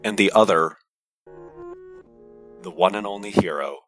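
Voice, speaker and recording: Game master doing a deep booming announcer. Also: fairly bright tone, soft background music. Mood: grandiose. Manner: slow, grand proclamation. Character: booming male announcer hailing a hero.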